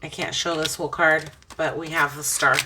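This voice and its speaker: A woman with a low yet bright, forceful voice gives an earnest, preachy tarot reading. She sounds a little far from the mic. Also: flat delivery, moderate pace, slight background noise. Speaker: tarot reader. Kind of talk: emotional spiritual tarot reading.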